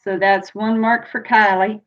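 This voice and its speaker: Slow-talking woman hosting stream trivia. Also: mid-range voice, steady tone. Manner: chatty, laughs often, reads questions aloud. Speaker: livestream trivia host. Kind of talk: casual live-stream chat. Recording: dull lo-fi stream audio.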